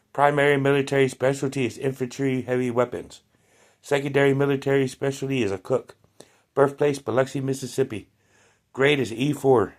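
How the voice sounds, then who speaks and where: A man hosting a casual vlog, talking loosely with frequent ums and restarts while reading aloud. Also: medium pitch. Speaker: toy collector reviewing action figures.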